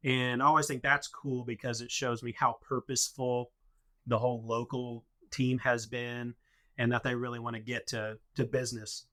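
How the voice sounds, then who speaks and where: Bright-toned man explaining plans. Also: mid-range voice, flat delivery, moderate pace. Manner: explanatory, walks through plans step by step. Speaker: podcast guest, head of a mission organization. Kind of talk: casual podcast conversation.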